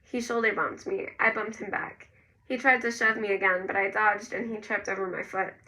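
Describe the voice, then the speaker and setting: A woman narrating a first-person novel in a gentle storytelling manner. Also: mid-range voice, fairly even intonation, normal speed, recorded from a distance, low-quality recording. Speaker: audiobook narrator.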